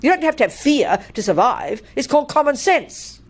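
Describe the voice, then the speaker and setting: An older woman, a Buddhist nun, giving a dharma talk in a blunt, animated way and laughing through her stories. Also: sits high, moderate pace.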